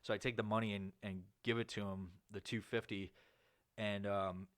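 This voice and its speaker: A man's voice: flat delivery, normal speed, clear, resonant tone. Profane rambling man telling a story. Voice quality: profane, rambling delivery with many fillers. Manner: acts out quoted people with sudden loud, higher outbursts. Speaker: podcast host. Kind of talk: casual storytelling chat.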